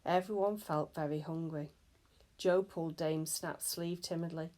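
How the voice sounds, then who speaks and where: A woman reading a children's novel aloud with steady, clear storytelling. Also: low voice, measured pace. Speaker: storybook reader.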